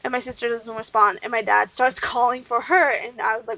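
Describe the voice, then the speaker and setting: This young woman from Canada, host of a gaming channel, talks a little fast in a fairly high, creaky, sharp-toned voice with fairly even intonation. Her casual in-game story rambles with fillers and side tangents, picked up by a dull lo-fi home mic.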